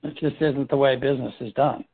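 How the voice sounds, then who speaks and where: A man's voice: mid-range voice, fairly even intonation, brisk, husky. Man coaching a team over a phone line. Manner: repetitive restarts, rhetorical questions. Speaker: firm leader running a team meeting. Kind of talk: coaching talk in a business meeting. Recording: tinny phone-line sound.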